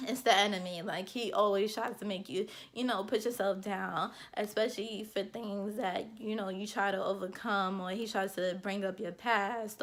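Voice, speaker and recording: An earnest young woman shares heartfelt thoughts in a candid personal vlog, rambling with lots of fillers. Her voice is mid-range and a bit bright.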